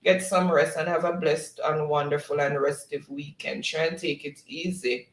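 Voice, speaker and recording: A woman's voice: deep voice, fairly even intonation, moderate pace, roomy sound, rough recording. A Jamaican woman hosting a livestream, chattily reading out viewer comments and laughing often. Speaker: livestream host. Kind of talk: reading viewer chat aloud.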